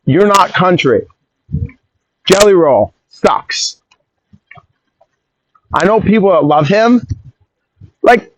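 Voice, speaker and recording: A man hosting a podcast in a casual rambling monologue, opinionated and quick to jump off on tangents and interrupt himself. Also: high-pitched, expressive, slight background noise, poor audio. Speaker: podcast host.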